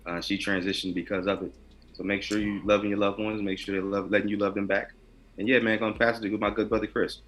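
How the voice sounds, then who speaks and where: A man co-hosting a podcast, giving a quiet, earnest sign-off. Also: fairly low pitch, flat delivery, quick pace. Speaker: podcast co-host. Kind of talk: casual sign-off.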